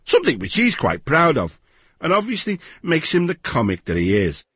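A man presenting a radio programme with measured, wry, scripted narration. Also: a little high, wildly swooping pitch, a bit bright, slightly rough, dry recording, highs cut off.

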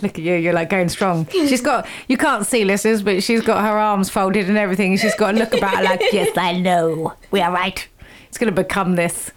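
A woman's voice: mid-range voice, a little fast, few pauses. A woman hosting a chatty, playful slang lesson for a group, laughing often as she teases and encourages them. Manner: laughs a lot, teasing and upbeat. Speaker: host teaching slang to a group.

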